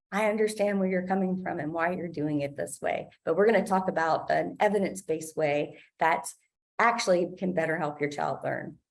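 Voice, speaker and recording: A woman giving an instructional talk to parents about play, explaining clearly and acting out what parents say. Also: medium pitch, a little mellow. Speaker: parent trainer. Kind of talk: instructional presentation.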